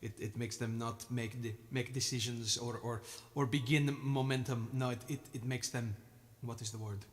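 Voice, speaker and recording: A man's voice: mid-range voice, fairly even intonation, moderate pace, few pauses, in a large hall. A man musician chatting casually on his live stream, playful and rambling, tripping over his words.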